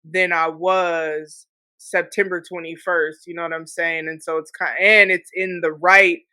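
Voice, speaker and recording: A woman's voice: on the low side, flat delivery, measured pace, bright, forceful tone, no echo. A woman hosting a podcast in casual chat, reflective, with frequent filler phrases. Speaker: podcast host.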